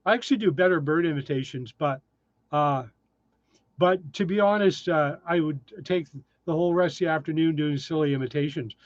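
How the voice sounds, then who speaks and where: Man, 60s, livestream host, casual and self-deprecating, somewhat high voice, dry lo-fi sound. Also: fairly quick, no echo. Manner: chatty, self-deprecating, answers viewer questions. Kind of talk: casual live chat reading comments.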